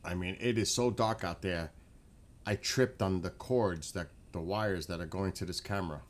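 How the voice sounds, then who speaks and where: Livestream host, New York accent, lowish voice, loose easygoing outdoor chat at night. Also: male voice, normal speed. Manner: relaxed, rambling, chatty with viewers, often hushed. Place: outdoors at night in front of a rural house.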